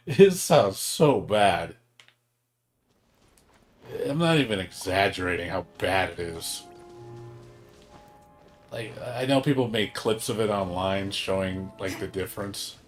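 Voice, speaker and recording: A man's voice: low voice, slow, pauses often, soft background music. A young man chatting casually on a game livestream, rambling with lots of fillers, emphatic and swearing now and then. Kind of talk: casual gaming stream chat.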